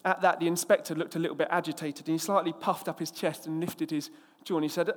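Storytelling preacher with a hall echo. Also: male voice, a little high, fast, hardly any pauses. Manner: storytelling, lively and expressive, acts out the characters. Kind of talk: sermon with an opening anecdote.

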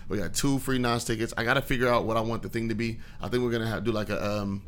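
Fast-talking young man hosting a podcast. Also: lowish voice, steady tone, a little hiss or hum. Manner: laid-back, swears a lot, many ums. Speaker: podcast host. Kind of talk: casual podcast chat.

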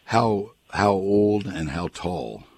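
A man's voice: expressive, slow pace, husky, dry recording. An older man hosting a radio gardening call-in show, folksy and chatty, reading live ads and taking callers. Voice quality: squeaky voice, as he says. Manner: folksy, chatty, leans on repetition. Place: radio studio.

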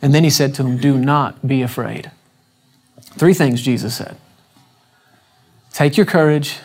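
A man delivers a church sermon to a live congregation, talking with them more than at them. He keeps throwing questions out to the room and gives each scripture quote its own weight and rhythm. His voice sits at an ordinary middle pitch for a man. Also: a little slow, a little mellow, breathy edge, faint music behind. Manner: conversational, asks the congregation questions; acts out scripture quotes with varied emphasis. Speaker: preacher. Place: church service before a congregation.

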